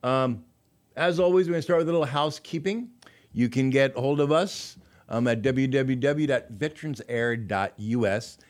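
A man's voice: mid-range voice, normal speed. A man hosting a community radio show from the studio, chatting in an easygoing, joking way and reading a poem aloud. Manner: easygoing, joking, with frequent "um" fillers.

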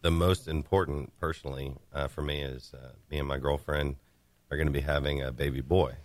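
Very deep-voiced hesitant man. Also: fairly even intonation, fairly quick, dry recording. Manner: hesitant, many fillers and restarts. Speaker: guest. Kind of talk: casual group chat.

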